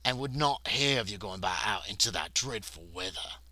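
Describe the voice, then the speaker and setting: A man voicing a formal, courteous hunchbacked male butler in a solo tabletop horror game, speaking in a measured, polite way. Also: fairly low pitch, expressive, pushed and bright, dry recording, voice pushed down, heavily acted.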